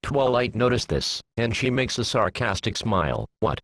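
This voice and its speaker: A man reading a fan story aloud, giving the characters lowered voices. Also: big pitch swings, normal speed, fairly bright tone, a little hiss or hum, low-quality recording. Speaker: fan fiction reader.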